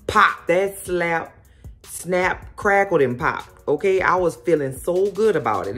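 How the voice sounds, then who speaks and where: A woman hosting a casual recap of a TV episode, telling it in a sassy, animated way full of exclamations. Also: low voice. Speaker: host.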